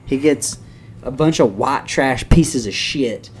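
A man's voice: medium pitch, takes it slowly, slight background noise. A man co-hosting a podcast in casual chat, crude and joking, laughing often. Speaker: podcast co-host.

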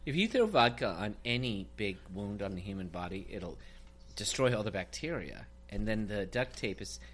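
A man's voice: fairly low pitch, normal speed, a little hiss or hum. A man co-hosting a casual film podcast, trading crude jokes and banter. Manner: crude joking banter, lively. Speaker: podcast co-host. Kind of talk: casual comedic film chat.

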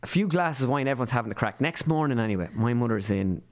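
A man's voice: medium pitch, animated, fast talker, lo-fi sound. An Irish man, a podcast guest, tells rambling anecdotes full of fillers and acts out the voices of the people in them. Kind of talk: storytelling in a podcast interview.

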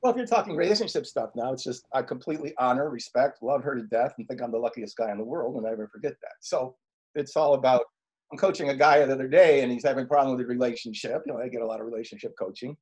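Middle-aged male life coach, slightly husky voice, animated interview storyteller who acts out his quotes. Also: medium pitch, fast talker.

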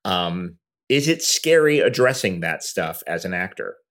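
A man hosting an interview, asking measured, wry questions. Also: low voice, big pitch swings, a bit bright.

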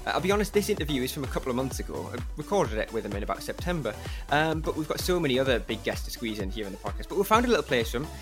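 A man's voice: mid-range voice, sing-song, very fast, few pauses, music in the background. A man co-hosting a podcast, chatting casually and laughing as he tells stories. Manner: chatty, laughs a lot while telling stories. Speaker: podcast co-host. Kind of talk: casual chat.

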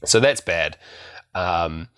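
A man's voice: deep voice, expressive, slow, bright, forceful tone, clear, resonant tone. A man co-hosting a casual film podcast, recapping scenes in a rambling way with lots of fillers and restarts. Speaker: podcast co-host.

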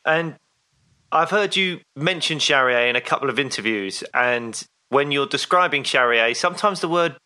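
Rambling male podcast host, bright tone. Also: mid-range voice, expressive, moderate pace. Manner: rambling, curious questioner. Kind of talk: casual interview chat.

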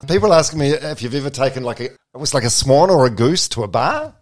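A man hosting a podcast, asking eager questions in casual chat with quick laughs. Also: mid-range voice, sing-song. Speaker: podcast host.

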